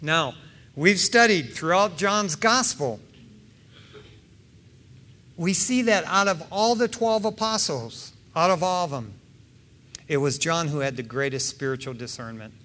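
A man preaching a sermon in a lively, conversational way, acting out the people in his story with slang. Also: a little high, a little slow, long pauses. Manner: animated, acts out voices, conversational slang. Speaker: pastor.

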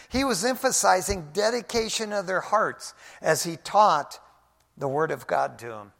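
Gravelly-voiced man preaching in an echoey hall. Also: mid-range voice. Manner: casual preaching, frequent "man", swings from soft asides to loud emphasis. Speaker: pastor. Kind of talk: sermon.

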